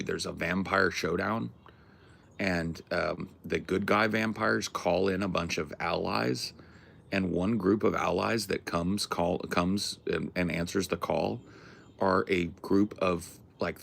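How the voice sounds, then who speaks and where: A man's voice: low-pitched, vocal fry, a bit bright, slight background noise. A man hosting a livestream, chatting casually with his viewers in a rambling, slangy way with plenty of swearing. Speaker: livestream host. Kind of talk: casual chat with a live chat.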